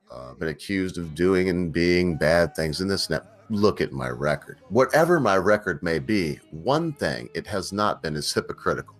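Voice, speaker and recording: On his own channel, a man with a low, slightly bright voice delivers a casual, rambling opinion rant, breaking into emphatic bursts and leaning on plenty of fillers and restarts.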